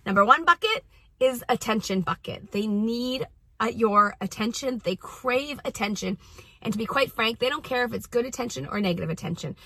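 A woman in her forties talks through parenting advice in a casual, earnest way, stressing key points and often restarting her sentences. Her voice is bright and forward, and the sound is dry and close with almost no room. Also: a little high, expressive, moderate pace, no room sound. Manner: earnest, emphatic, with frequent restarts. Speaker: parenting coach and mom. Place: outdoors at a track practice.

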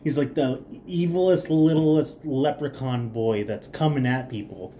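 A man's voice: mid-range voice, a little slow, mellow, slight background noise. A man co-hosting a casual sports podcast, rambling and joking with lots of fillers. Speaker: podcast co-host.

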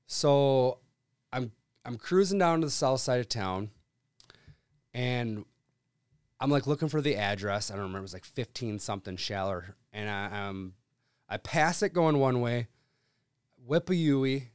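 Smooth-voiced man telling a rambling story. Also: medium pitch, normal speed, long pauses, dry recording, studio quality. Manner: rambling, profane, animated anecdote telling. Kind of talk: casual storytelling chat.

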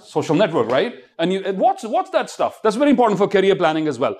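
Lively motivational speaker. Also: male voice, high voice, quick pace. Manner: animated, keeps quizzing the audience and leading call-and-response. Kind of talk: motivational talk to a student audience.

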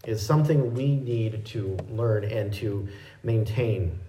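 A man's voice: lowish voice, slow, warm tone, slight background noise. A man preaching a sermon, explaining a passage in a teaching way and often correcting himself mid-sentence. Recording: echoey room.

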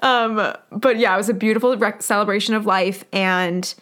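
A woman's voice: medium pitch, fairly even intonation, normal speed, fairly bright tone. A young woman co-hosting a podcast in casual chat, talking loosely with lots of fillers and laughing often. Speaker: podcast co-host.

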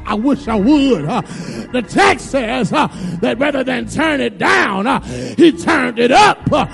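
A male preacher with a very high, gravelly voice delivers a call-and-response sermon, shouting and then dropping low. He repeats words and calls the congregation "y'all." It was recorded in a reverberant hall with long church reverb and music underneath.

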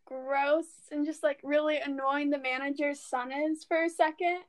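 A woman's voice: high voice, fairly even intonation, moderate pace. A young woman co-hosting a podcast in casual chat, giggling and acting out movie lines. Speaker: podcast co-host.

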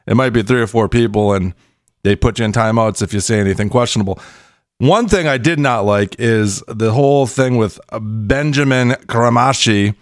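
A man hosting a soccer podcast in a comedic rant, sarcastic, swinging between shouted lines and muttered asides. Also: medium pitch, dry recording, clean studio sound.

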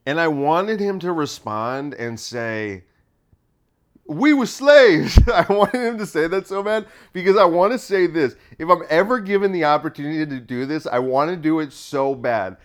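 A man's voice: a little high, moderate pace, hardly any pauses, clean tone. A comedian riffing off the top of his head, rambling and laughing at his own jokes. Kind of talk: solo comedy riff.

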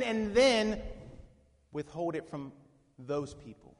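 A man preaching a sermon with dynamic swings from hushed to shouting, asking the congregation questions. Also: high voice, expressive, a little slow. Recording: long reverb of a hall.

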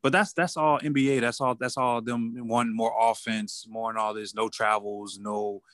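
A man's voice: lowish voice, steady tone, fairly bright tone, dry recording, studio quality. Laid-back male sports radio guest. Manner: casual, halting, with many restarts and fillers.

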